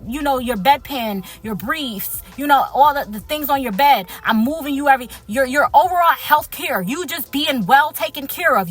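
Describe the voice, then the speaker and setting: A young woman talks straight to camera in a storytime vlog. Her voice sits fairly high and has a crisp, forward edge. She comes across as earnest and wounded, breaking off and starting over as she speaks, with soft music faintly under her. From Liberia. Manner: earnest and hurt, halting with many restarts; speaks straight to viewers as "y'all". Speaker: healthcare worker telling her story.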